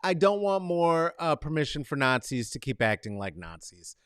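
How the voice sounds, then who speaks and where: A man hosting his own talk show from a home studio corner, ranting in casual solo commentary. His pitch leaps and falls in lively swings, sitting a little high for a man, and he moves from emphatic, profane outbursts to low mutters. The sound is close and dry, with no room around it. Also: normal speed, hardly any pauses, clear, resonant tone, no echo. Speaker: show host.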